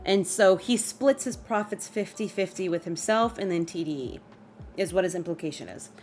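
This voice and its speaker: A woman's voice: fairly low pitch, expressive, moderate pace, darkish tone. A woman streaming live, chatting casually about a rap feud, reading lyrics and greeting her chat. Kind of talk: casual livestream commentary.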